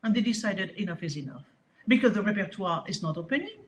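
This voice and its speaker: A woman with a French accent, a harp teacher speaking in a casual interview, talking in an animated, emphatic way with frequent restarts. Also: medium pitch, fast, dull audio, background noise.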